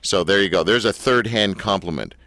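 Low-pitched and fairly quick, with a sharp tone, this man's voice comes through a dry recording. He hosts a casual interview, cracking self-deprecating jokes and posing meandering questions.

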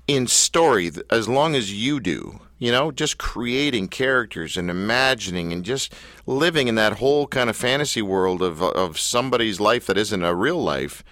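A man's voice: fairly low pitch, expressive, moderate pace, fairly bright tone, dry recording. A man hosting an interview, joking and self-deprecating with rambling questions. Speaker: interview host. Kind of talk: casual interview chat.

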